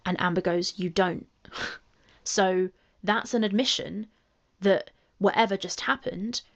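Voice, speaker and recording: A woman with a calming voice giving measured commentary, reading messages aloud and asking pointed rhetorical questions. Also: mid-range voice, vocal fry, muffled recording. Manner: analytical, emphatic rhetorical questions.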